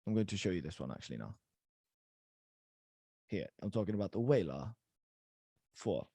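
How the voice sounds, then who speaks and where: A man's voice: low-pitched, animated, normal speed, dark tone, dry recording. A man teaching a live online language class over a video call, in a casual, encouraging way with many fillers.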